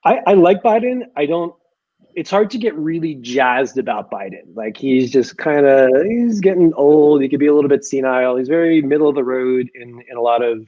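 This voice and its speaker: A man's voice: medium pitch, lively intonation, normal speed, warm tone, muffled recording. An American man, a comedian, chatting casually on a video call and rambling through restarted sentences. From United States. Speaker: comedian guest.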